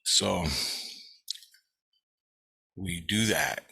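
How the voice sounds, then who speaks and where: A man tells a dream story in a casual, profane way, with plenty of fillers and asides. His voice is low and unhurried. Its tone is bright and forceful. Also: gravelly, husky. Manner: profane, vivid, full of fillers.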